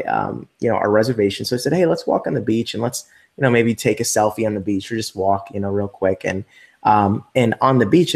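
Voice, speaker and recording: A man's voice: on the low side, gravelly. A man telling a story casually in an interview, full of fillers and acted-out quotes. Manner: animated, acts out quoted voices, many fillers. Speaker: interview guest.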